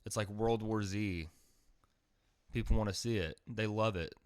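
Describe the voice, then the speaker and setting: Deadpan man with sudden loud outbursts. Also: on the low side, unhurried, smooth, dry recording, studio quality. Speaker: podcast host. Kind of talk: comedic monologue.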